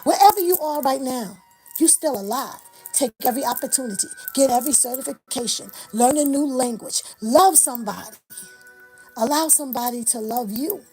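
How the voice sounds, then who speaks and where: Woman, 50s, livestream host, high pitch, fervent affirmation-heavy delivery, faint music behind. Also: animated, moderate pace, darkish tone, low-quality recording. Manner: impassioned, preacher-like cadence with repeated affirmations. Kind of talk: motivational livestream talk.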